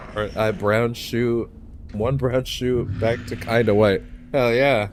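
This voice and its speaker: A man's voice: mid-range voice, fairly even intonation, takes it slowly, a little hiss or hum. A man streaming a game, rambling casually, swearing and laughing often as he plays. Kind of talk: casual let's-play commentary.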